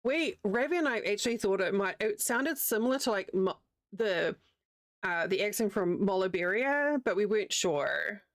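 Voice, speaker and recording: A woman from New Zealand with a Kiwi accent that carries a slight American Southern tinge. She chats in a relaxed, rambling way while crocheting live, quick to laugh. Her voice sits at an average pitch, recorded close and dry with no room sound. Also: no echo. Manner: chatty, rambling, laughs easily. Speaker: livestreamer. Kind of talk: casual chat while crocheting on stream.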